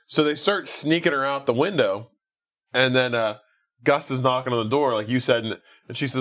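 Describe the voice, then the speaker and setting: A man hosts a podcast in a mid-range, fairly bright voice at a fairly quick pace. It's a casual movie recap: he loosely retells the plot, leaning on fillers, laughs and acted-out lines from the film.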